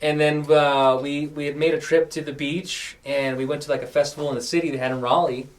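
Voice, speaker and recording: Young male podcast host, casual storyteller who voices the people he quotes, slightly raised pitch, sits back from the mic. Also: steady tone, a little fast, far from the mic. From New Mexico. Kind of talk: casual chat.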